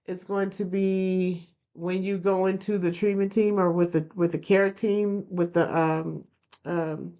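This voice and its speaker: A woman's voice: lowish voice, little pitch movement, measured pace, warm tone. A woman hosting a podcast, talking earnestly to listeners and repeating phrases for emphasis. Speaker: podcast host. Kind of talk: motivational podcast talk. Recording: dull lo-fi recording.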